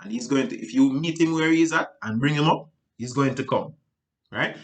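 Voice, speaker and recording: A male sales coach talks through his techniques in a loose, conversational way. He repeats himself, tags lines with "right?", and jumps his voice high or low to act out client conversations. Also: normal speed. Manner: loose, repetitive, frequent "right?" and restarts; acts out client dialogue with big pitch jumps. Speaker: sales trainer. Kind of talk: casual instructional talk.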